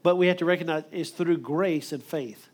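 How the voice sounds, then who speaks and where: A man preaching a sermon, emphatic, moving quickly and acting out quoted voices. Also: fairly high pitch.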